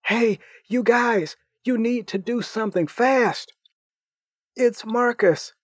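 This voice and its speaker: A man voicing a melodramatic young man who panics and pleads in a high, strained voice. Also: slow, husky, no echo, exaggerated voice. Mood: panicked. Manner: frantic, pleading, high-pitched.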